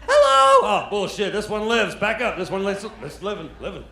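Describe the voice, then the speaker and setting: Brash, high-voiced American comedian. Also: male voice, fairly quick, creaky. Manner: brash, profane, animated. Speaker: stand-up comedian. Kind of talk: stand-up comedy. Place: comedy club stage. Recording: roomy club with crowd noise. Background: audience laughter.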